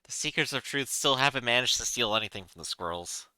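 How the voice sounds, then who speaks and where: A man's voice: mid-range voice, animated, quick pace, bright, forceful tone, clean tone, no echo. A man playing a tabletop game, chatting casually and joking with the group. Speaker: player.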